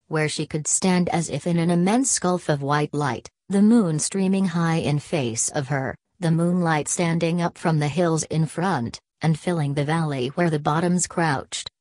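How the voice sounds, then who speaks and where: A woman reading a classic novel aloud as an audiobook narrator, in a steady, even manner. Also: low-pitched, measured pace, few pauses, no echo. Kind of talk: scripted narration.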